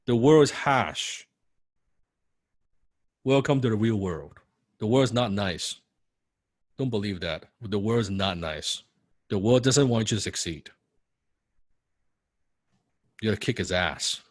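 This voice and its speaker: A man with a non-native English accent, coaching students in a blunt, forceful, profane and repetitive way. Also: fairly low pitch, lively intonation, normal speed, no room sound, clean studio sound. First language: not English. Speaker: copywriting coach. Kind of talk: motivational coaching talk.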